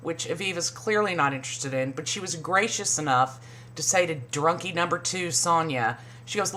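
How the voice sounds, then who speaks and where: Deep-voiced lady ranting about reality tv, sarcastic and sweary. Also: moderate pace, bright, forceful tone. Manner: sarcastic, swears a lot, mimics people in high voices. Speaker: reality TV recap host. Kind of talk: profane casual commentary.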